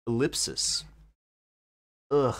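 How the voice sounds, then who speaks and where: An Australian man streaming a game, reading the characters' dialogue aloud in playful put-on voices and joking between lines. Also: drawn-out words.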